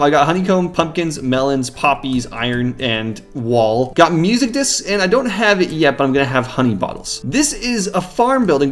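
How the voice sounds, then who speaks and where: A man hosting his own video game series, talking through his play with animated, jokey, self-mocking commentary. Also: mid-range voice. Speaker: Minecraft survival series host. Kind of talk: gameplay commentary.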